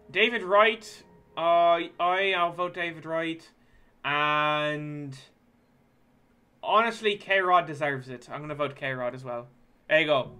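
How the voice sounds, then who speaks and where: A game streamer chatting casually through a sports sim, voice bright and animated, leaping up in pitch. They swear freely and flare into loud, exasperated complaints, with faint music underneath. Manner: profane, quick to loud exasperated outbursts. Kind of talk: casual gameplay commentary.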